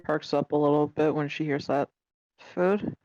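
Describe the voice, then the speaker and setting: Low-voiced woman player with dry asides; dull, lo-fi recording. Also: steady tone, moderate pace, warm tone, no echo. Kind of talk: casual chat at a tabletop game. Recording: dull lo-fi mic.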